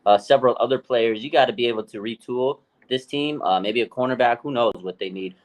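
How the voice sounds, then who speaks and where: A man co-hosting a live sports talk stream, telling stories in an excited, rambling way. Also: mid-range voice, a little fast, poor audio. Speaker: podcast co-host.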